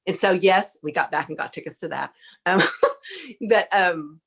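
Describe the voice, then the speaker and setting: A middle-aged woman with a Texan accent telling a lively story as a podcast guest, laughing often. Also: lowish voice, measured pace, creaky, breathy edge. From Texas. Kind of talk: casual storytelling chat.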